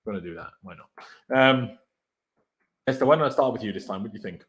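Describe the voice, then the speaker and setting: A man hosting a casual fan chat over a video call, laid-back and trailing off softly at the ends of his sentences. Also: fairly low pitch, fast. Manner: relaxed, laid-back, often trails off quietly. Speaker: podcast host leading player ratings.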